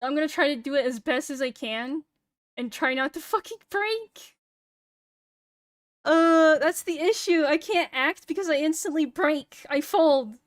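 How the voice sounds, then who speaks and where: A woman's voice: high voice, expressive, normal speed, fairly bright tone, dry recording, clean studio sound. A young woman streamer chatting casually, laughing, swearing freely and joking at her own expense. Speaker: VTuber streamer.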